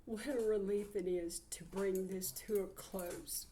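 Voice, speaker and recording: A woman's voice: medium pitch, fairly even intonation, unhurried, warm tone, slight background noise. A woman, giving a heartfelt channeled psychic reading. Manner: heartfelt, earnest, relays messages.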